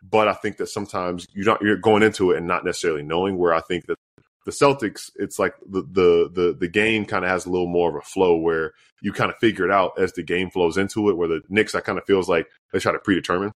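A man's voice: low voice, fairly even intonation, fast talker, no echo, studio quality. A man co-hosting a sports podcast, chatting casually with lots of fillers and restarts. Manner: rambling, many fillers and restarts.

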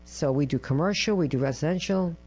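A middle-aged woman from Massachusetts, a lively interview guest who acts out the people she quotes and keeps checking in with "right?". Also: sits low, brisk, breathy edge. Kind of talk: interview storytelling. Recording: dull lo-fi with mains hum.

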